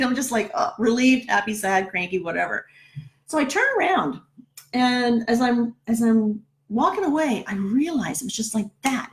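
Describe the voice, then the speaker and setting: A middle-aged woman, a numerologist, telling a personal story in a casual, chatty way, often checking in with "right?". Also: mid-range voice. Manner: chatty, keeps asking "right?".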